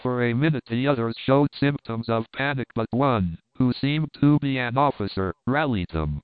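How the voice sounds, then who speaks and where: A man's voice: medium pitch, moderate pace, smooth, no room sound. Man narrating an adventure audiobook. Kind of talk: scripted narration. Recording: dry, tinny phone-like sound.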